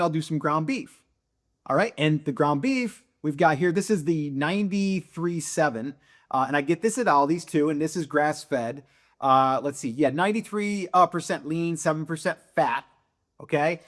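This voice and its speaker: A man in his fifties talks casually through his daily food, rambling a little and thinking out loud as he goes. His voice sits slightly high for a man. He pads his sentences with easy fillers and restarts. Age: 50s. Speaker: vlogger sharing his daily meals. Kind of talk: casual show-and-tell chat.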